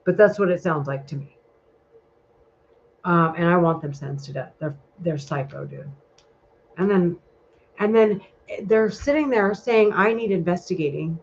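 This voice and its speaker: A woman's voice: on the low side, unhurried, pauses often, darkish tone, a little hiss or hum. A woman talking in a casual vlog monologue, rambling and heated, with a lot of swearing. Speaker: vlogger. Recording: muffled lo-fi recording.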